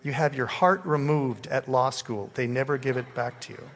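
Older male preacher, gravelly, animated storytelling, long church reverb. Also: mid-range voice, normal speed. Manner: animated, jumps between hushed and loud. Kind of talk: storytelling sermon. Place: church hall.

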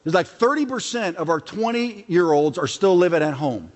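A man's voice: high voice, animated, normal speed. A middle-aged man preaching a sermon as a pastor, talking conversationally and acting out quotes from his family life. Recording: long reverb of a large hall.

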